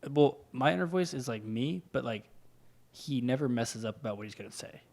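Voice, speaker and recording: A man's voice: mid-range voice, animated, a little fast, vocal fry, darkish tone. Young man rambling in a casual podcast. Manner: rambling, laughs often, restarts words. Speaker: podcast co-host. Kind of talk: casual chat.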